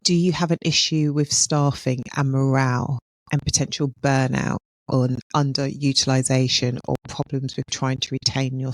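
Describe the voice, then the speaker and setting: A woman talks through a solo podcast episode with a gravelly, creaky texture to her voice. The sound is close and dry, with no room around it. She speaks in a measured way, posing a run of reflective questions to her listeners. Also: rumbling low, a little mellow, no echo, poor audio. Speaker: podcast host and healthcare consultant.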